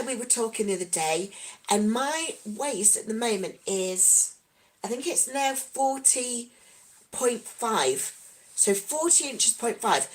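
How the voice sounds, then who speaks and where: A woman hosting a live question-and-answer stream, chatting in a rambling, animated way with many asides. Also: a little high, rough recording. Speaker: stream host. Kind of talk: casual live Q&A chat.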